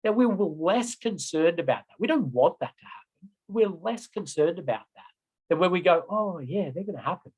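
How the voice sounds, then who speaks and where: A man's voice: high voice, expressive, normal speed, a little mellow, husky, rough recording. A middle-aged man giving an online road safety training lecture, chatty, often checking in with "right?" and "okay?".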